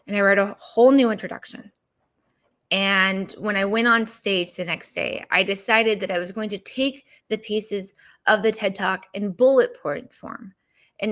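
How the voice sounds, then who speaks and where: A woman with a bright, crisp voice tells her own story as a business coach. She is animated and slips into the voices of her past conversations as she retells them. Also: medium pitch. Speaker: business coach and podcast host. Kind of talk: personal storytelling monologue.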